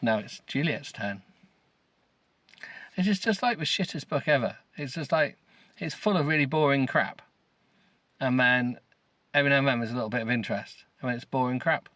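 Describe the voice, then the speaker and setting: A man's voice: medium pitch, normal speed, pauses often, fairly bright tone, dry recording. A middle-aged man hosting a podcast, reading a novel aloud with sarcasm, swearing and stumbling over words. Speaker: podcast host. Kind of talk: mocking comedic reading of a novel.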